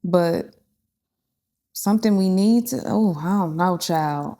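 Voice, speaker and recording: Candid woman thinking out loud. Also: on the low side, slow pace. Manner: candid, thinks aloud with restarts and fillers. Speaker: podcast guest. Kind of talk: casual conversation.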